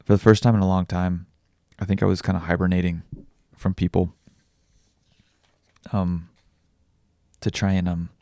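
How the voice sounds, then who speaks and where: A young man speaks in a deep, gravelly voice, halting and raw as he confides in a personal vlog. His tone is dark and mellow, close and dry with no room sound, and he swears freely between restarts. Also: little pitch movement, dry recording. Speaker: vlogger and podcaster.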